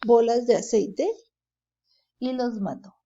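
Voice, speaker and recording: Woman, English teacher, bilingual storybook reading, slow, mellow, dull lo-fi recording. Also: a little high. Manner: reads slowly, translating each line into Spanish.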